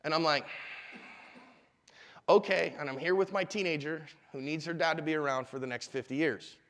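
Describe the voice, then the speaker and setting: A middle-aged man with a fairly high voice leads a live seminar in a convention hall, telling stories with lively energy and slipping into the voices of the people he describes. His voice rings with a long, echoey hall reverb. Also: quick pace. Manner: animated storyteller, acts out quotes. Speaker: self-defense instructor.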